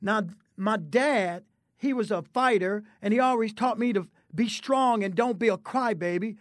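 A male preacher giving an impassioned testimony and altar call, swinging between low and high tones. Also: moderate pace, no echo, studio quality.

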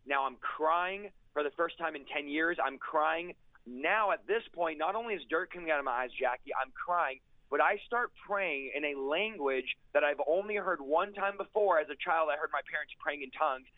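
A man giving an intense, fast-paced personal testimony as an interview guest, driving his points home with emphatic repetition. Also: fairly high pitch, no room sound. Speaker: guest preacher sharing a testimony. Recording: tinny, dry phone-like line.

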